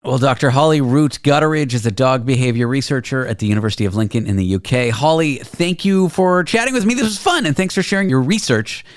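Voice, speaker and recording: A man hosting a talk show, relaxed and playful, peppering his questions with "like". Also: medium pitch, fast, few pauses, no room sound, studio quality. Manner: relaxed and playful, with lots of filler "like"s. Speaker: radio show host. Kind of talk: casual interview and show segues.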